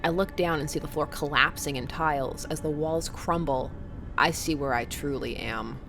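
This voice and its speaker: A woman's voice: sits low, normal speed, vocal fry, music in the background. A woman hosting a let's play, reading the game aloud with wry, jokey asides.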